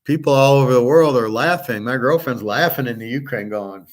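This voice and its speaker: A man's voice: medium pitch, a little fast. Rambling, blunt man talking casually. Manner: rambling, blunt, swears freely, many fillers. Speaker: host of a picks and markets channel.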